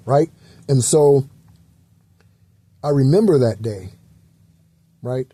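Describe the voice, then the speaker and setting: A man's voice: mid-range voice, animated, slow pace, long pauses, dark tone, slightly rough. A man hosting a spiritual talk channel, speaking in a loose, rambling way with many fillers and the occasional swear word.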